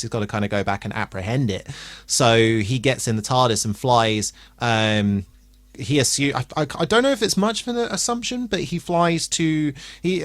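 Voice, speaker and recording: Low-voiced man recapping casually. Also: a bit bright, no echo. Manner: rambling, many fillers and restarts. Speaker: podcast reviewer.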